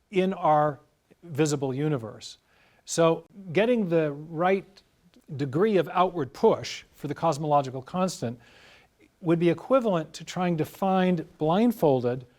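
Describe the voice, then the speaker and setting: A guest scientist in an explanatory interview speaks with a fairly high, darkish voice. His manner is measured and lecturing, with examples and restarts as he explains.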